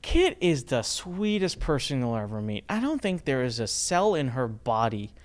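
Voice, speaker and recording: A man hosting a casual chat, telling a story in an animated way, laughing often and restarting his sentences. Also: mid-range voice, normal speed. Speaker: host.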